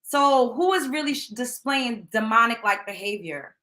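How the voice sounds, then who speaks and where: Bright-voiced woman host, indignant. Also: a little high, expressive, moderate pace. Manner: indignant, emphatic, casual. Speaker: show host. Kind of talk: reaction commentary.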